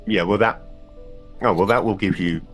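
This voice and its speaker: A man's voice: low voice, moderate pace, faint music behind. A man chatting casually over a video game, advising his co-player in a wry, rambling way with frequent restarts. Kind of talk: casual gaming chat.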